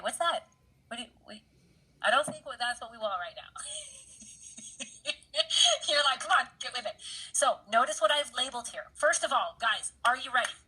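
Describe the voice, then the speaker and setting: A woman's voice: on the high side, pushed and bright, husky, rough recording. A woman instructor giving a casual anatomy lab lecture over slides, chatty and often checking in with her students. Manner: chatty, keeps checking in with "right, guys?"; laughs easily at her own jokes.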